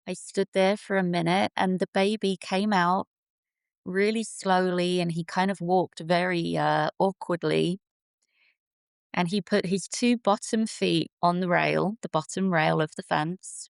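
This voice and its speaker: A woman's voice: lowish voice, creaky, dry recording. A woman in her forties, originally from England, telling the story of how her sanctuary began in an earnest, vivid way. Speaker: sanctuary founder, guest. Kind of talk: storytelling in an interview.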